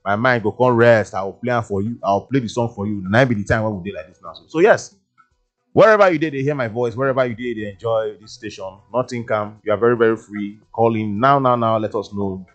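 A radio DJ with a Nigerian Pidgin English accent hosts a casual show in a studio, sounding chatty and playful and using lots of fillers. His voice is lowish and quick, picked up on a studio mic with soft music in the background.

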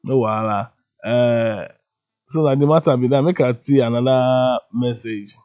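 A man hosts a radio show from the studio, talking in Nigerian Pidgin English. He sounds relaxed and chatty, and his voice sits at an ordinary middle pitch. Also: normal speed. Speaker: radio host. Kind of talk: casual radio chat.

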